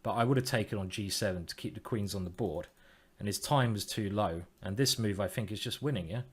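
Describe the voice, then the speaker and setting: Lowish-voiced guy streaming chess, talking to himself, teasing the other player, jokey. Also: brisk, husky. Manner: playful, self-mocking, talks to himself and his opponent. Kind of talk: thinking aloud while playing online chess.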